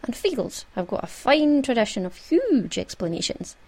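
A woman's voice: on the high side, sing-song, moderate pace, a little mellow, slightly rough, heavily acted. A woman reading aloud and voicing a small, fierce Scottish clan chief in broad dialect, blustering and commanding. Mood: boastful. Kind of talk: storybook reading.

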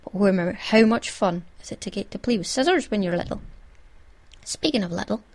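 A woman's voice: medium pitch, lively intonation, a little fast, darkish tone. A woman with a Scottish accent chatting casually and wryly as a host, amused at her own stories. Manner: chatty, wry, self-amused. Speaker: podcast host. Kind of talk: casual chat.

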